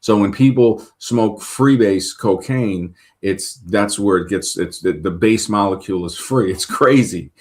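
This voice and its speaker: Rambling New man with low voice. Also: fairly even intonation, measured pace, hardly any pauses, a little mellow. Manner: rambling with many restarts and stammered repeats. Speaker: show host. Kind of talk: casual talk-show conversation.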